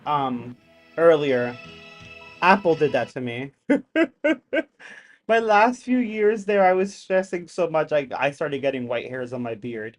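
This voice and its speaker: A young man hosting a live stream, reacting to videos with animated exclamations and jokes in casual commentary. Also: on the high side.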